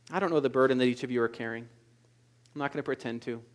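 A man preaching a sermon as pastor, moving between quiet, intimate asides and loud, emphatic exhortation. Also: medium pitch, fairly even intonation, racing.

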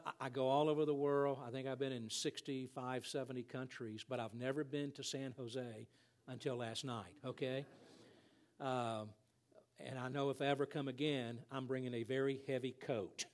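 Folksy man greeting a church. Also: medium pitch. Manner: folksy, joking. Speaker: guest speaker, ministry president. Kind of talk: friendly guest address to a church.

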